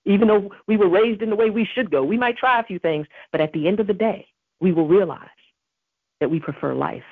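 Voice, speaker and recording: A woman with a husky, breathy voice preaches a devotional message with earnest emphasis, weaving in scripture. The sound is dry and narrow, like a phone line. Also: mid-range voice, a little fast, no room sound. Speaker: podcast host.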